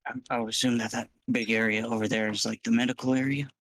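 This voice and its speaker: Guy playing a tabletop game, halting and stammery, dead dry sound. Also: mid-range voice, flat delivery, fairly bright tone, no room sound, rough recording. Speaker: player. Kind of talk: casual in-character chat.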